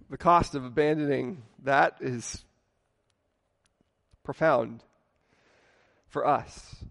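A man's voice: fairly high pitch, gravelly, long reverb tail. A man preaching a sermon in a conversational way, acting out the quoted lines with rising emphasis. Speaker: pastor.

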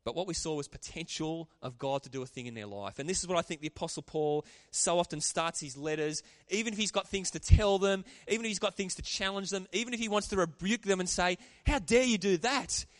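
A man preaching a sermon, animated and calling out to the congregation for responses. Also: high-pitched, fast talker, hardly any pauses, dry recording, clean studio sound. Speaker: pastor.

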